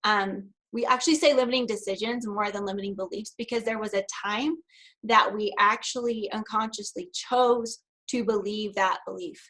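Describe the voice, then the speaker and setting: A woman's voice: mid-range voice, steady tone, normal speed, a bit bright, rough recording. A woman giving a virtual conference talk as a practitioner, telling a story conversationally with laughs and then reading prepared remarks. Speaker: NLP practitioner and speaker.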